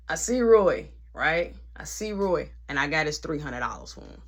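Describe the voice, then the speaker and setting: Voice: mid-range voice, unhurried, breathy edge. A woman telling a personal story in casual slang, acting out every line of dialogue. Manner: animated, acts out dialogue, heavy slang. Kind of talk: storytime narration.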